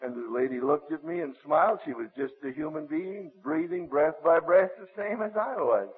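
Husky older preacher on old radio. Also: male voice, fairly high pitch, lively intonation, moderate pace. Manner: vivid storytelling with hesitant restarts. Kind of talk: sermon storytelling. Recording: tinny old radio broadcast.

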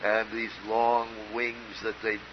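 A man's voice: lowish voice, little pitch movement, takes it slowly. Older man preaching, dull lo-fi tape. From Minnesota. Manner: earnest, emphatic, with storytelling asides. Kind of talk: sermon. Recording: dull lo-fi recording with faint hiss.

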